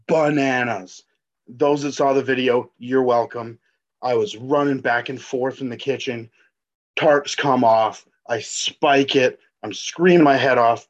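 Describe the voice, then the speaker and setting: A man's voice: medium pitch, highs cut off. Rowdy, profane male sports fan. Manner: loud, profane, animated fan talk. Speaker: podcast guest, sports fan. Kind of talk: excited casual storytelling.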